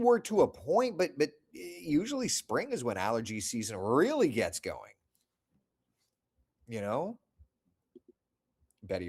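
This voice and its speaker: A middle-aged man hosting a casual livestream, reading viewer comments aloud and answering them with a chatty, self-deprecating manner, his voice still recovering after losing it. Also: mid-range voice. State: recovering from lost voice. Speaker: host reading live chat comments.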